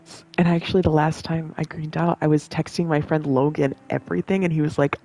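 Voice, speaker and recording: A woman's voice: low voice, fairly even intonation, fairly quick, mellow, poor audio. A young woman rambling in casual chat, laughing often and swearing freely.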